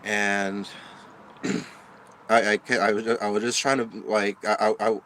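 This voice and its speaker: A man's voice: on the low side, level tone, measured pace, fairly bright tone, slight background noise. A man venting in a rambling storytime vlog, stammering and swearing, upset and shaken. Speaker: vlogger.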